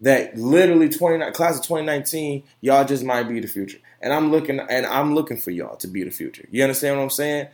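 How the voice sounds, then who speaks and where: A young man hosts his own solo opinion podcast, ranting emphatically with plenty of profanity, repeated phrases and fillers. His medium-pitched voice is expressive and a little mellow, moving at a quick pace with hardly any pauses.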